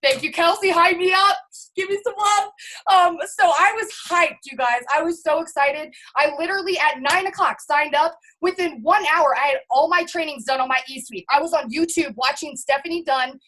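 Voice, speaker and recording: A woman with a bright, high-pitched voice delivers an all-in motivational pep talk to her team. She is hyped and emphatic and keeps turning to address her listeners directly. The sound comes through a video call. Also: moderate pace, poor audio. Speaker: network marketing team leader.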